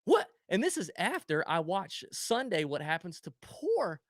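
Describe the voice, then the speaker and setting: A male podcast host chatting casually and telling stories animatedly, with goofy sound effects thrown in. His pitch swings widely, and the recording is dry and close. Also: very animated, normal speed, a bit bright, dry recording. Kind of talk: casual chat.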